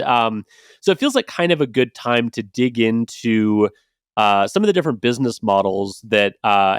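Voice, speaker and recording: A man's voice: mid-range voice, no echo, studio quality. A man hosting a podcast, talking casually with frequent fillers and restarts as he introduces the episode and guests. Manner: conversational, many fillers and restarts. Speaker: podcast host.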